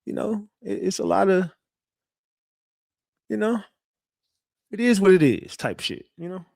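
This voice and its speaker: A man on a livestream rants loosely at his chat. He stays defensive and boastful, swearing freely and restarting sentences. His voice sits a little high and sounds dry, as if he is right on a close mic. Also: a little slow, creaky, no room sound. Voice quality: profane, animated, repetitive restarts. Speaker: livestream commentator. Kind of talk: casual livestream rant.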